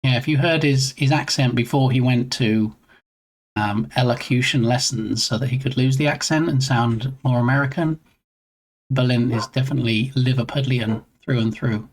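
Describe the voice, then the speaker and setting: Male live streamer, mid-pitched, playful and rambling, bantering with chat at his desk mic. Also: moderate pace. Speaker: game dev streamer. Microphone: own desk mic.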